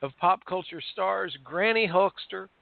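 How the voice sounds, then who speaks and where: A man's voice: high-pitched, lively intonation, measured pace, creaky, no echo. A man hosting a casual talk radio show, often stumbling and restarting his sentences. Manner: warm, repetitive, stumbling restarts. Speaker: host. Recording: dry, tinny phone-line sound.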